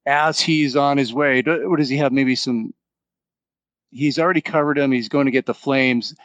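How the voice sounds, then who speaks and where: A man co-hosting a podcast who recaps movie scenes in a halting way, with lots of ums and restarts. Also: mid-range voice, fairly even intonation, a bit bright, no room sound, muffled recording. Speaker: podcast co-host.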